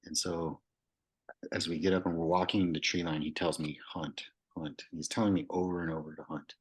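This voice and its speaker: Podcast guest: young man, very low, husky voice, casual and candid storytelling with filler words. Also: little pitch movement, fairly quick, low-quality recording. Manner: candid, loose, swears, many fillers.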